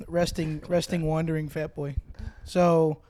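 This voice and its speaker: A man's voice: a little high, level tone, a little slow, dark tone. A man, a comedian guest on a podcast, telling a rambling story in casual chat and acting out what others said. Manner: riffing, acts out quotes of others.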